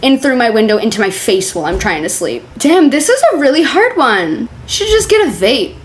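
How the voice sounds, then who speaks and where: A young woman talks in a chatty, sarcastic way, reading posts aloud and commenting on them with loose, swearing humor. Her voice sits a little high. Faint room ambience hums behind her. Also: sing-song, moderate pace, slight background noise. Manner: chatty, sarcastic, swears freely, laughs often. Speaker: streamer reacting to forum posts.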